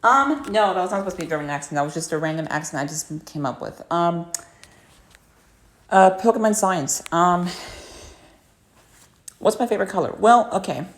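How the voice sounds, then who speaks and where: A woman with a lowish voice chats casually on a home livestream. She rambles along, padding her talk with fillers and restarting her sentences often. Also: lively intonation, moderate pace, long pauses. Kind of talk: casual chat.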